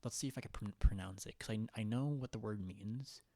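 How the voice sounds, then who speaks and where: A man's voice: lowish voice, brisk, warm tone, dry recording. A young man hosting a casual livestream, rambling and giggling as he chats with viewers and reads their comments. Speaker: livestream host.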